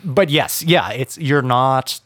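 A man in a casual podcast conversation, speaking at a middle pitch. He makes his points deliberately and holds firm opinions. The recording is close and dry. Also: fairly bright tone, no room sound. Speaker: podcast co-host.

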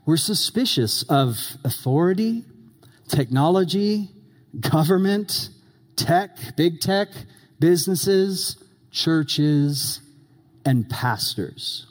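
A man preaching a sermon, telling a lively story and acting out the voices of the people in it. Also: a little high, extremely slow. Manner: animated storyteller, acts out quotes. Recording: long hall reverb.

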